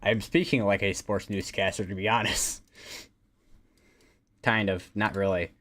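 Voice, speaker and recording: Low-voiced man rambling through a weather stream. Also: fairly even intonation, a little slow, fairly bright tone. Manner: rambling, hesitant, many fillers and restarts. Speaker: livestream weather host. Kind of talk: casual live weather commentary.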